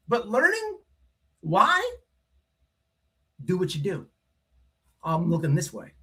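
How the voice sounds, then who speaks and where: Guy hosting a stream, kinda high voice, rambles and swears a lot, repeats himself. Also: wildly swooping pitch, unhurried, pauses often, sharp tone. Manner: rambling, repeats himself, says "right?" often; blunt and profane. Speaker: livestream host. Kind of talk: casual storytelling monologue.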